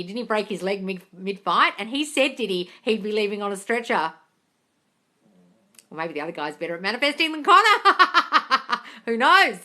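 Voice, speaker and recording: A woman's voice: mid-range voice, bright, forceful tone. A woman hosting a casual live-stream Q&A, reading viewer comments aloud and answering them in a chatty way, often calling people darling. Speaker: host answering viewer questions. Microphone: phone.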